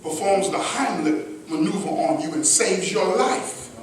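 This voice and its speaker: A man preaching a sermon as minister, shifting between loud emphatic lines and soft asides, with a crowd answering back. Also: sits high, a little slow. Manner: preaching with sudden shouts and hushed asides. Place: large mosque hall. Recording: echoey hall, mic at a distance. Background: responsive crowd.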